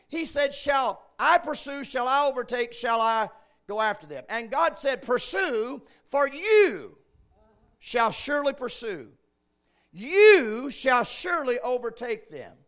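A man preaching a sermon, swinging between shouted peaks and quiet asides. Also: very high voice.

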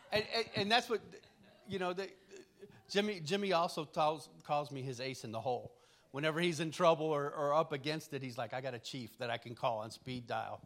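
A man's voice: on the high side, a bit bright, a little hiss or hum. Folksy middle-aged male preacher. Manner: folksy, chuckling storyteller with frequent restarts. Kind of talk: conversational sermon with personal stories.

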